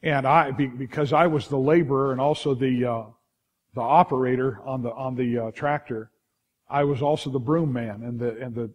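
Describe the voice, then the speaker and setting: This sermon comes from a middle-aged, Californian-accented pastor with a medium-pitched voice. He preaches in a lively storytelling style, often restarting and turning aside to address the congregation.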